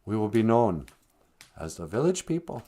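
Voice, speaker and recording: A man's voice: on the low side, sing-song, moderate pace, dark tone. A man voicing a young Native man who speaks for his group in a grandly earnest, projecting way. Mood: solemn. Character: young Native man, bold gang spokesman.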